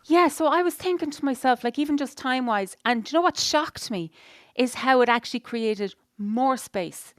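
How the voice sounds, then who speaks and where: A woman's voice: high-pitched, expressive, normal speed, dry recording, studio quality. A middle-aged woman co-hosting a podcast in casual chat, rambling and frank, dropping lots of "you know"s and the odd swear. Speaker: podcast co-host.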